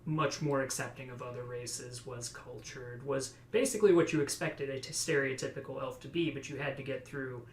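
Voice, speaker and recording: A man's voice: mid-range voice, fairly even intonation, normal speed, hardly any pauses, slight background noise. A man co-hosting a podcast with a dry, sardonic manner, recalling a campaign as a player. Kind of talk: casual podcast discussion. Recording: roomy echo.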